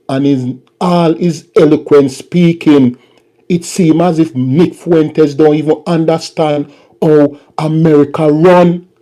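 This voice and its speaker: Man, vlog host, mocking rant, mellow dark voice, slightly high. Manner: mocking, repetitive. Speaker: political commentary host. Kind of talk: ranting commentary vlog.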